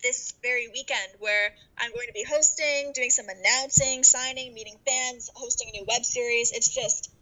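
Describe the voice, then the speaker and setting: A woman's voice: fairly high pitch, steady tone, moderate pace, hardly any pauses, bright, forceful tone, rough recording. A woman from Canada appearing as a podcast guest, upbeat as she plugs her hosting and interview work. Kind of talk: casual chat.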